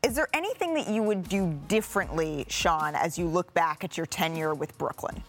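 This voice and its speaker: Woman hosting a sports pod, lowish voice, brisk and playful, faint music underneath. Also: animated. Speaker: podcast host. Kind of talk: sports talk podcast.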